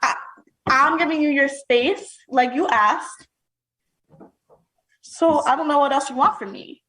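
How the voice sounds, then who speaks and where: A woman's voice: high voice, unhurried, a bit bright, low-quality recording. A woman co-hosting a podcast in casual chat, assertive and laying out her views point by point. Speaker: podcast co-host.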